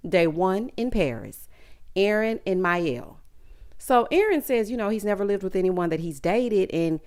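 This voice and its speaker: A woman's voice: mid-range voice, animated, measured pace, a little mellow. A woman with a Southern US accent, recapping a reality show in a sassy, chatty way with asides to her viewers. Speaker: recap vlogger.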